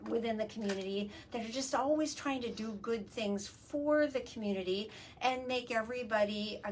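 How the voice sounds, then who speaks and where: A woman hosting a casual live video chat from a work studio. She explains things eagerly and uses many fillers. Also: on the high side. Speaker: host. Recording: distant mic, faint ambient noise.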